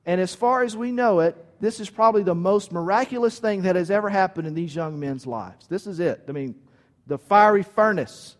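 A man preaches with a fairly high voice, talking to his listeners in an emphatic, conversational way. His words trail off into a long reverb, as in a large hall. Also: normal speed. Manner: emphatic, conversational, asks "right?". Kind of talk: sermon.

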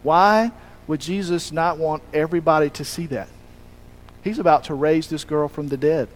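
Preacher, male, high voice, chatty sermon delivery with rhetorical questions and frequent restarts. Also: poor audio. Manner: conversational, asks rhetorical questions; restarts and self-corrects mid-sentence.

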